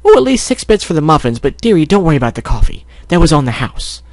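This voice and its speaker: Man putting on a high doting mother baker mare. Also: big pitch swings, fast, no echo. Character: sweet motherly female baker pony, fussing.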